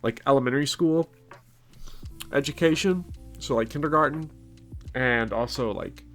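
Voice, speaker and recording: A young man from Kentucky with a softened Southern accent, chatting casually and bluntly as he answers viewer questions, rambling and joking at his own expense. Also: medium pitch, moderate pace, soft background music. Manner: rambling, self-mocking, blunt. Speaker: channel host. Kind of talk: casual Q&A chat.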